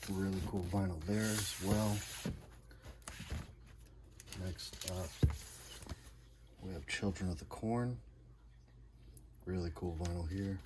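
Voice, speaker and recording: A man casually showing off his record collection in short, laid-back, repetitive comments. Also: sits low. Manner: laid-back, repetitive, enthusiastic one-liners. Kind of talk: casual show-and-tell. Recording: noticeable background noise.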